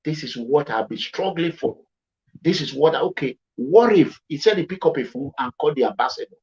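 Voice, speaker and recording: A man's voice: animated, normal speed, a little mellow. A man from Edo State with a Nigerian accent, giving emphatic commentary and repeating himself for stress. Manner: repetitive, emphatic, swings between low and high pitch. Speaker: commentary vlogger. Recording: dull lo-fi sound.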